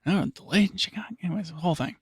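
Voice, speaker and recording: A man's voice: high-pitched, rapid-fire, husky, dry recording, studio quality. A man hosting a podcast, chatting in a rambling, self-mocking way with frequent laughs. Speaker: podcast host. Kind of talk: casual chat.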